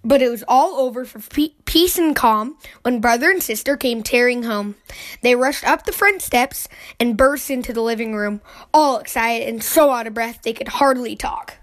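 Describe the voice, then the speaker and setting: A woman reading a children's picture book aloud, giving the characters lively, excited voices. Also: a little high, normal speed.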